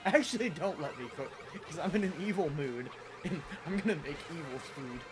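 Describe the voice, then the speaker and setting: Brief: male streamer, slightly high voice, very lively pitch, rambling chat, game music behind. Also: fairly quick. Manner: rambling, animated, laughs often. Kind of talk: casual live-stream chat with viewers.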